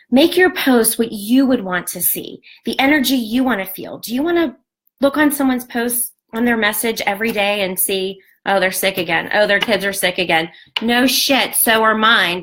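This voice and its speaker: A woman in her forties gives a casual pep talk to fellow beauty distributors. Her voice sits a little on the high side, and she speaks bluntly and candidly, cursing freely as she urges them to stay positive. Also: fairly bright tone. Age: 40s. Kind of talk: casual motivational talk to a sales team.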